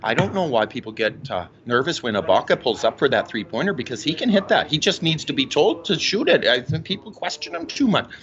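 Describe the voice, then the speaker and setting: A man's voice: mid-range voice, big pitch swings, a little fast, hardly any pauses, a bit bright, highs cut off, voice pushed down. A man imitating his older mother, a chatty sports fan with blunt opinions who keeps calling people "dear". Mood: opinionated. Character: older woman, sports-mad mom, sassy, chatty.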